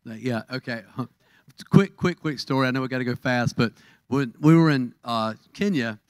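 A man's voice: mid-range voice, fairly even intonation, clear, resonant tone, dry recording. A middle-aged man with a Southern American accent, leading a church service, telling a story and praying, with many fillers and restarts. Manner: rambling, halting with many fillers. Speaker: pastor. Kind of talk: church service announcements and prayer.

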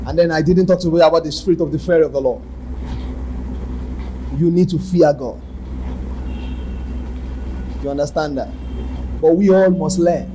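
A man's voice: a little high, slight background noise, rough recording. Nigerian preacher man, storytelling sermon. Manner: storytelling, bursts into shouting and laughter.

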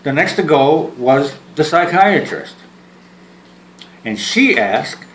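A man vlogs his half of a phone call in a fairly high, fairly bright, very animated voice, speaking slowly with long pauses. He's joking and rambling, restarting and repeating words, and laughing at himself. A little hiss or hum sits under the roomy, faintly ambient recording.

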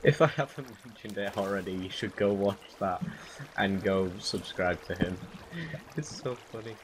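A man's voice: on the low side, moderate pace. A young man co-playing a game, laid-back, with dry teasing remarks, over a noisy voice-chat mic. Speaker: co-player. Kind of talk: casual gameplay chat.

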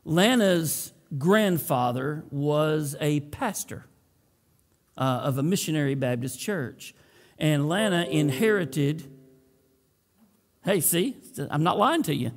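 Male pastor, slightly high voice, unhurried delivery, folksy joking asides. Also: animated. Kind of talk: sermon with opening prayer. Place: church sanctuary.

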